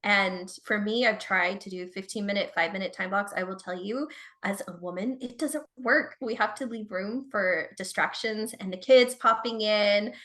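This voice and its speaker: A woman's voice: medium pitch, moderate pace, fairly bright tone. A woman productivity consultant, a podcast guest, telling a personal story in a chatty, candid way and speaking straight to listeners. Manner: chatty, addresses listeners directly, frequent "like".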